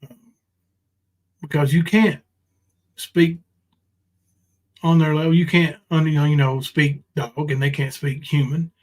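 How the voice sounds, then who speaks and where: A man's voice: fairly high pitch, little pitch movement, unhurried, long pauses, a little mellow, poor audio. Rambling, profane man ranting on a livestream. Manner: profane and confrontational, with many ums and restarts. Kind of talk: casual livestream rant.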